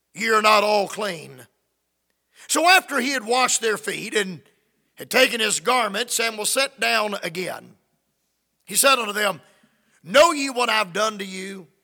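Man, preacher, fervent sermon, acts out quotes, high voice, reverberant hall. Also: pushed and bright.

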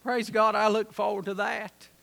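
A man preaching a folksy sermon, swinging from soft, low asides to loud shouts. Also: flat delivery, normal speed, gravelly.

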